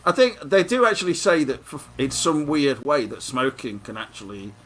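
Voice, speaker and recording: A man in casual chat, rambling and halting as he talks. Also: medium pitch, animated, a bit bright. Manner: rambling, halting with fillers and restarts.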